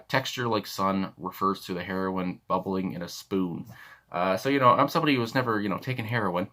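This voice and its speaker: A man's voice: deep voice, bright, forceful tone. A young man hosting a music reaction video, talking casually and rambling with lots of fillers and restarts. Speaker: music reaction channel host.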